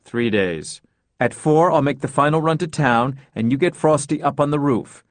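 A man voicing a bossy middle-aged wife who barks orders in a brisk, commanding way, in a storybook reading. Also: fairly high pitch, dry recording, pitched above the performer's own voice, close to an everyday voice.

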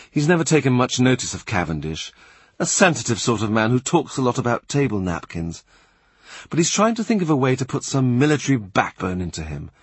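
Husky male audiobook narrator. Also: mid-range voice, no room sound. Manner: even, literary reading. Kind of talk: scripted narration.

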